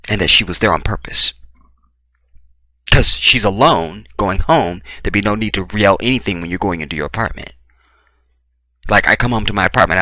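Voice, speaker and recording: A man giving opinionated true-crime commentary, talking in an emphatic, animated way with blunt, profane remarks. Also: sits low, no echo. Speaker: commentary vlogger.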